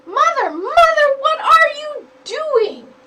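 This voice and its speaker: A woman voicing a frightened young female hawk chick in a storybook reading, with shrill, panicky cries. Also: very animated, takes it slowly, far from the mic, very noisy, heavily acted. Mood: alarmed.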